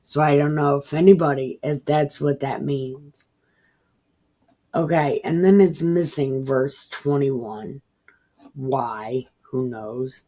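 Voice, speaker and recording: Woman, low voice, unhurried, casual scripture reading, rambling irreverent commentary. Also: dark tone. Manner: rambling, irreverent, swears freely. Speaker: online Bible reader.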